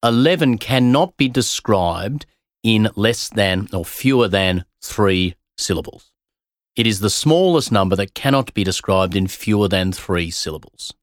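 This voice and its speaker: A man's voice: lowish voice, animated, unhurried, no room sound, clean studio sound. A man hosting a science podcast, explaining a puzzle in a playful, teasing way. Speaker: podcast host. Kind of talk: casual science chat.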